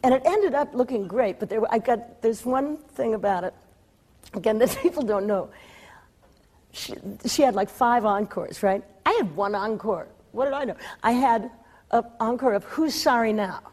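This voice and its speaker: A woman being interviewed, telling a lively anecdote, often laughing and acting out the voices she quotes. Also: a little high, normal speed. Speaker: interview guest. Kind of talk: storytelling anecdote.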